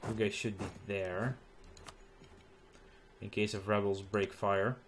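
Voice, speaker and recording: A tired man thinking aloud as he plays a strategy game late at night, halting with ums and restarts. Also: lowish voice, level tone, slight background noise. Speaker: gaming channel host. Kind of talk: let's play commentary.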